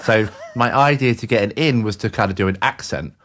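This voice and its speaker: A man's voice: fairly low pitch, fairly quick, a bit bright. Jokey man co-hosting a podcast. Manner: jokey, laughing storyteller. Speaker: podcast co-host. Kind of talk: casual podcast chat.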